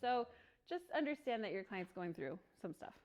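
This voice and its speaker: A woman leading a real estate training session for a small group, chatty and quick to laugh, often acting out little bits of dialogue. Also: medium pitch, big pitch swings, a little mellow. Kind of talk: workshop teaching.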